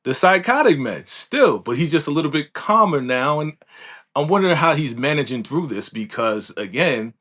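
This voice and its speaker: A man's voice: fairly high pitch, very animated, moderate pace, fairly bright tone. A man co-hosting a casual live recap chat. He is playful, chuckles often and repeats his points. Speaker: co-host.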